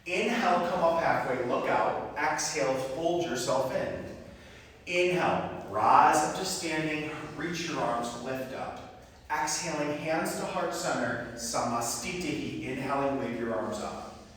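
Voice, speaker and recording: Yoga teacher in an echoey studio. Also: male voice, a little high, measured pace, fairly bright tone, a little hiss or hum. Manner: cueing poses in rhythm with the breath. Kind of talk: live yoga class instruction. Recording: echoey studio with long reverb, mic far off.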